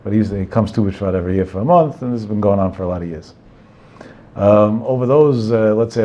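A man's voice: fairly low pitch, dark tone. A man giving a religious talk, telling anecdotes in a digressive way with Hebrew terms mixed in. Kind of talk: Torah talk with storytelling.

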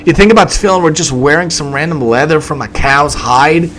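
A man's voice: on the high side, fairly quick, fairly bright tone, a little hiss or hum, rough recording. A man preaching a story-driven sermon, emphatic and repetitive, with dramatic swings in delivery.

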